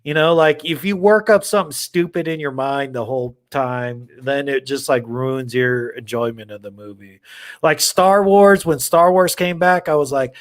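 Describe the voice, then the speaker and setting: A man hosting a horror movie livestream, chatting casually with viewers in a rambling, excitable way and swearing now and then. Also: mid-range voice, normal speed. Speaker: horror channel livestream host.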